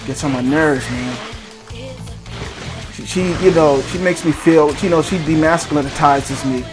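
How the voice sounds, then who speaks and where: A man giving casual, rambling gameplay commentary, joking around with sudden excited outbursts. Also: fairly high pitch, a little slow. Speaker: gaming channel host. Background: game music.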